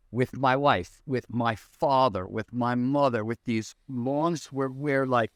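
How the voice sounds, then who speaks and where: A man's voice: mid-range voice, a bit bright, no echo. A man with a mid-range voice asks a long, winding question, circling back with fillers and restarts as he works out what he means. The sound is dry and close. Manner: rambling, searching questions with many fillers. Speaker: podcast host. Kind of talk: conversational interview question.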